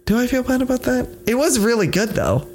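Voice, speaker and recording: A man's voice: very high voice, big pitch swings, fairly quick, darkish tone, soft background music. A man co-hosting a casual podcast, tired and joking, swearing freely and teasing his partner. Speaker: podcast co-host. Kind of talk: casual banter.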